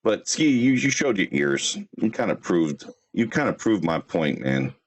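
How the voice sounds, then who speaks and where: A brash man trash-talks rivals on his livestream, swearing freely and firing off fast bursts of insults. His pitch swings widely, jumping high when he gets worked up and dropping low as he mutters. He sits at his computer, talking into a desk mic. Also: very animated. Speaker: livestream host. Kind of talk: livestream roast rant.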